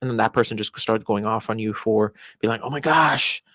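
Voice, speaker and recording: A young man giving casual advice in a rambling monologue, full of restarts and fillers, with his voice jumping up in pitch for emphasis. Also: monotone, a little fast, no echo.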